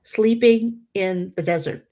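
A woman's voice: mid-range voice, slow, mellow. A middle-aged woman giving informal religious teaching, chatty, with many fillers and restarts. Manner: conversational, many fillers and restarts, acts out quoted voices. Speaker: Catholic teacher leading a prayer study.

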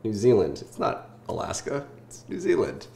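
A man in his twenties from Southern California hosting a casual food-tasting vlog, joking and swearing in deadpan asides. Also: lowish voice, normal speed, creaky, echoey room, a little hiss or hum. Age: 20s.

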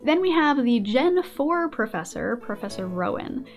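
Playful, animated young woman host. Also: on the high side, measured pace, faint music behind. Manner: playful, animated, frequent laughs. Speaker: video essayist host. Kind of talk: casual commentary.

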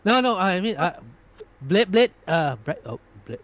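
A man runs a tabletop role-playing game. His voice sits a little high and swings widely in pitch. He stammers and restarts often while he voices the characters. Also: big pitch swings, a little slow, fairly bright tone. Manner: stammering, lots of restarts and laughs. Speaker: game master.

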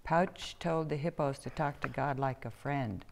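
A woman storyteller gently reading a children's picture book aloud. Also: very deep voice, gravelly, slight background noise. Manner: gentle, slow, expressive reading.

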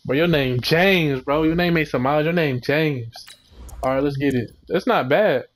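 A young man giving casual, slangy commentary while opening packs in a video game, relaxed but breaking into excited outbursts. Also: fairly high pitch, normal speed. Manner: laid-back slangy chatter, sudden excited outbursts. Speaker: gaming channel host.

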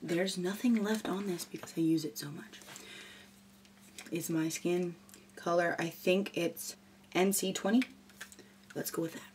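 A woman's voice: on the low side, steady tone, a little slow, long pauses, a little mellow, a little hiss or hum. A young woman chatting casually and goofily while doing a makeup tutorial. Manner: goofy, chatty and rambling. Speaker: beauty vlogger.

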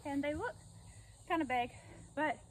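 A woman's voice: high voice, expressive, measured pace, slight background noise, poor audio. A woman in a backyard garden, chatting to the camera as she explains each step of her work. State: out of breath at times. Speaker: gardening vlogger. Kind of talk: casual talk to camera while working.

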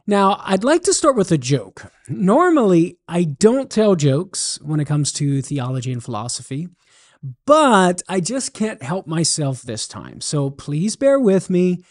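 A man with a Cajun accent hosts a radio talk and explains ideas in a teacherly manner. His pitch rises and falls a lot as he goes. He sounds ready to spin a story at any moment. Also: very animated, measured pace. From southern Louisiana. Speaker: radio host and Catholic apologist.

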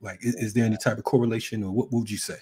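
A man hosting a live online interview, asking halting questions with many fillers and answering with short affirmations. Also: lowish voice, steady tone, mellow, husky. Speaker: host. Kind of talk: casual interview chat.

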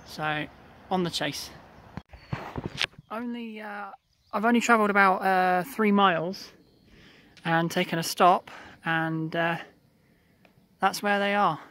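A balloon retrieve driver giving a casual running commentary outdoors, explaining each step with frequent pauses. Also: medium pitch, fairly bright tone, a little hiss or hum. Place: outdoors in a field and by a car.

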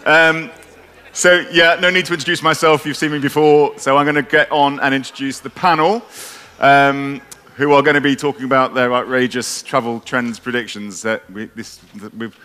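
Bright-voiced man hosting a panel. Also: medium pitch, fairly even intonation, normal speed. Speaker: roundtable host, trade editor. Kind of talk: stage introductions at a conference.

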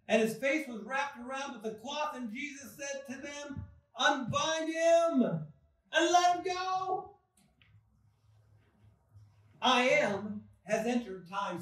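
A man preaching in a church sanctuary, his voice sitting high and delivered at an unhurried, deliberate pace. He leans on long pauses and sudden swells of emphasis. The sound is heavily echoey, picked up from well back in the hall. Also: recorded from a distance. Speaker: pastor. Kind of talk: sermon.

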